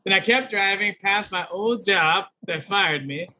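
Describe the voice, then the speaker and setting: A man, a comedian guest on a podcast, telling a story in an animated way and acting out other people's lines. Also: sits high, a little slow, a little hiss or hum.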